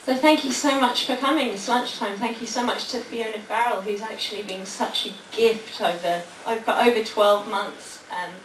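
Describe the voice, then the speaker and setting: A woman hosts a library event and reads a poem aloud. She talks quickly and warmly, then slows into a measured recitation. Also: fairly high pitch, distant mic, a little hiss or hum. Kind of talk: live public poetry reading and thanks. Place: library hall at a lunchtime public event. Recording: echoey hall, voice from afar.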